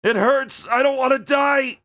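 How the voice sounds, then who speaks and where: A man voicing a terrified young man being attacked, screaming and begging in high, desperate cries while reading a game's dialogue aloud. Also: steady tone, moderate pace, bright, forceful tone. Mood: agonized, pleading. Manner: desperate high-pitched shrieks.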